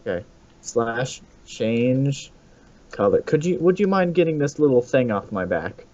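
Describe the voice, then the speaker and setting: A man co-hosting a casual gaming podcast, playful and quick to laugh. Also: very animated, a little mellow. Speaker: podcast co-host. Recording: muffled low-fi audio.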